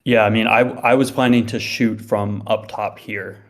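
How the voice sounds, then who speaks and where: A man taking part in a tabletop game, offering plain, practical ideas to the group. His voice is on the low side and his tone stays casual. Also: fairly even intonation, moderate pace. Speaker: player.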